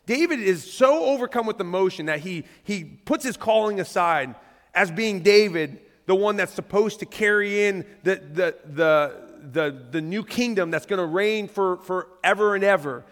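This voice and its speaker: High-voiced pastor in a reverberant hall. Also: male voice, normal speed. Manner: conversational, animated, reads scripture aloud. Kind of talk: sermon. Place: church stage. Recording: long reverb of a church hall.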